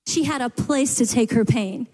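A woman's voice: a little high, normal speed, a little mellow. A woman preaching a sermon, retelling a scripture story in an earnest, emphatic way, speaking into a microphone. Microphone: handheld microphone. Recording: reverberant hall.

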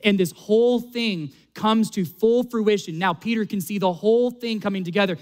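A man's voice: high-pitched, normal speed. Earnest man preaching a sermon. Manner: earnest preaching, rising to emphatic peaks. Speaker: pastor.

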